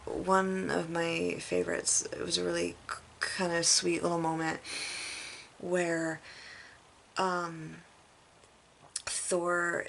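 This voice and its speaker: Chatty woman with a low, gravelly voice. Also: little pitch movement, slow, pauses often, fairly bright tone, slight background noise. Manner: rambling, chatty retelling with frequent laughs and fillers. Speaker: movie reviewer. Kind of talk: casual spoiler-heavy movie review.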